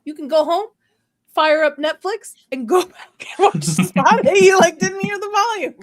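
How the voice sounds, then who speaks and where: A woman's voice: extremely high pitch, lively intonation, moderate pace. A woman hosting a casual chat, playful and teasing. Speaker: host.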